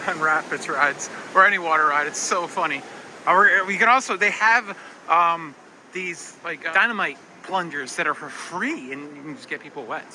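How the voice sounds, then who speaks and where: A man from the northeastern United States vlogging outdoors at a theme park, excitable and whooping through a water ride. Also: on the high side. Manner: excitable, squeals and whoops on rides. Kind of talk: casual ride commentary. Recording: noisy outdoor park recording.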